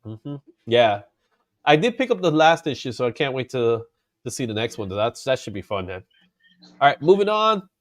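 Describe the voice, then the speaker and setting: A man hosting a casual comic book chat, animated and laughing often, drawing out his exclamations. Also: mid-range voice, moderate pace, no echo, clean studio sound. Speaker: comic book show host.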